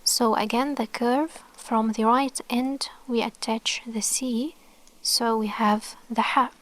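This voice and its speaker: Slow Egyptian woman teaching softly. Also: a little high, fairly even intonation. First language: Arabic. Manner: patient, with many fillers and repeated words. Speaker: Arabic teacher. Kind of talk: online alphabet lesson.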